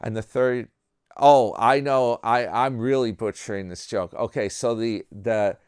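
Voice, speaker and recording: A man's voice: medium pitch, fairly even intonation, a little slow, a little mellow, clean tone, no echo, studio quality. A man hosting his channel in casual chat, rambling and self-mocking, with frequent slang asides. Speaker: channel host.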